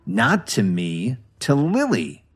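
A man's voice: mid-range voice, huge pitch swings, slow pace, husky, faint music behind, heavily acted. Man voicing a cold, sarcastic hero. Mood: cold menace. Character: calm, cold, sarcastic young husband.

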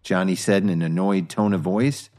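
A man narrating a story in scripted, animated style. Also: low voice, moderate pace. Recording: faint background music.

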